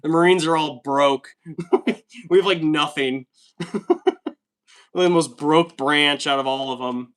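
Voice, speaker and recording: A man's voice: on the high side, steady tone, slow pace, pauses often. A man in his thirties from the United States, chatting casually on a livestream and reading viewer comments aloud with a laid-back, joking manner.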